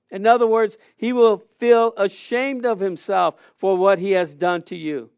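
High-voiced animated male preacher. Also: measured pace, creaky, few pauses, smooth, no room sound, highs cut off. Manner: animated, questioning the congregation, acting out anecdotes. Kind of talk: sermon.

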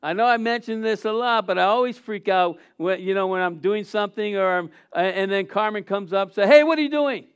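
A man with a high, smooth and resonant voice preaching in church. He delivers the sermon with animation, drawing his congregation into call-and-response. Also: fairly even intonation, fairly quick, few pauses, fairly bright tone, muffled recording. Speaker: pastor.

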